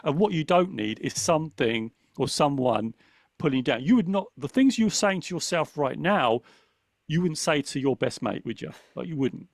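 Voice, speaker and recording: Gravelly-voiced man, lively chat. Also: a little high, normal speed, no echo, studio quality. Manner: animated, acts out his inner voice. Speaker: guest on a podcast panel. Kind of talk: casual conversation.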